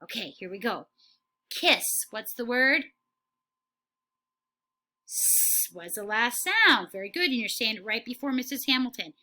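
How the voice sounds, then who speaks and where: Slow, bright-voiced woman teacher. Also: fairly high pitch, animated. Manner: slow, clearly enunciated, encouraging praise. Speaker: kindergarten teacher. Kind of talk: phonics lesson for young children.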